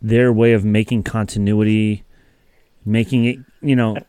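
A man's voice: on the low side, little pitch movement, a little slow, dark tone, smooth, no room sound, studio quality. A man hosting a podcast in casual chat, rambling and chatty and laughing often between thoughts. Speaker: podcast host.

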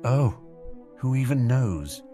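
A man's voice: medium pitch, big pitch swings, takes it slowly, mellow, faint music behind, voice pushed up. Man voicing a cheeky, wry teenage wizard. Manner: sardonic, breezy.

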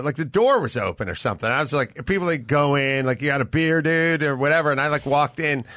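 A man, a guest comedian, chatting casually and telling an animated anecdote, acting out the voices of the people in it. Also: medium pitch, no room sound. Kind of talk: casual chat storytelling.

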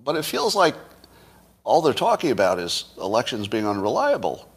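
A man's voice: medium pitch, huge pitch swings, normal speed, husky. Sarcastic man talking politics solo. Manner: sarcastic, asks the audience rhetorical questions, laughs at his own points. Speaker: commentator. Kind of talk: solo political commentary to camera.

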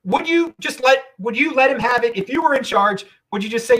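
A male podcast host in easy, casual conversation with his guest. His pitch swings widely as he talks, and he trips over his words and restarts his sentences. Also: brisk, rough recording. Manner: animated, stumbling restarts. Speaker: show host. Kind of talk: casual interview chat.

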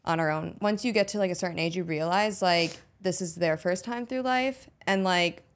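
A woman's voice: on the low side, moderate pace. Chatty young woman podcast host. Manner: chatty, swears freely, uses "like" often. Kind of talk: casual chat.

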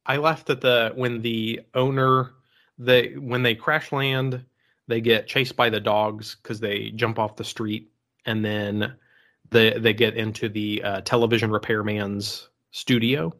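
A male podcast guest with a lowish voice, speaking in a relaxed, casual way. He recounts scenes in a loose, easy manner. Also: measured pace. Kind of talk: casual chat.

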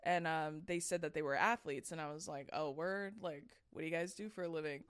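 A woman's voice: sits low, fairly quick, smooth. A woman hosting a casual chat, who laughs often and tells stories with quoted dialogue. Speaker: podcast host.

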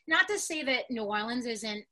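Female podcast guest, bright and eager, drifts between half-finished thoughts. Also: on the high side, animated, normal speed. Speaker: podcast guest, online class teacher. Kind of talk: casual podcast chat.

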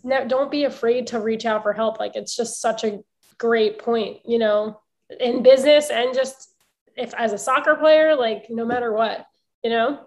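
A woman co-hosts a casual chat in a slightly high voice. She speaks earnestly and offers warm encouragement. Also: steady tone, moderate pace.

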